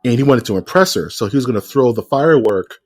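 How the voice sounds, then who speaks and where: A man's voice: medium pitch, expressive, fast talker, darkish tone. Joking, rambling podcast host man. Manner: loose, joking, rambling with restarts. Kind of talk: casual chat.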